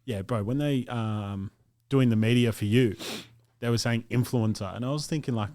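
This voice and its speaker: A man's voice: medium pitch, normal speed, darkish tone, no echo, clean studio sound. An Australian man hosting a podcast, mostly giving short agreeing replies and blunt, swearing remarks. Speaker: podcast host. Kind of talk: casual interview chat.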